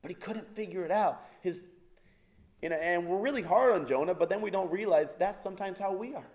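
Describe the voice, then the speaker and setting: A man's voice: sits high, brisk, a little mellow. A male preacher giving a conversational sermon, asking his congregation rhetorical questions, making jokey asides and often restarting his sentences.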